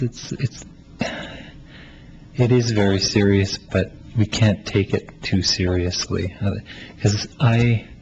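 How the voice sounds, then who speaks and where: A playwright from Canada, a man answering interview questions in a thoughtful, halting way, with frequent laughs. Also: lowish voice, a little mellow. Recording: slightly muffled with faint hiss.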